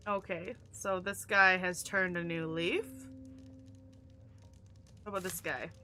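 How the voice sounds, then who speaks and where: A woman's voice: on the low side, fairly even intonation, takes it slowly, long pauses, pushed and bright, soft background music. A young woman streaming a game, chatting casually and reading in-game letters aloud in playful voices. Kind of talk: casual live-stream commentary.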